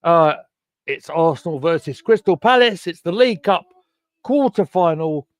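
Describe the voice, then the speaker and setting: Excitable high-voiced man hosting a chat. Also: moderate pace, no room sound. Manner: chatty, excitable, stumbling restarts. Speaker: host. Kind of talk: casual football chat stream. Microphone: home computer mic on a video call.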